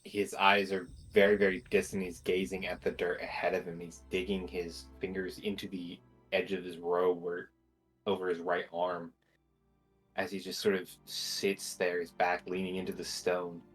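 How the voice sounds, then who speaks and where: A man calmly describing his character's state in a tabletop game. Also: deep voice, moderate pace, husky, faint music behind, low-quality recording. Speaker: player.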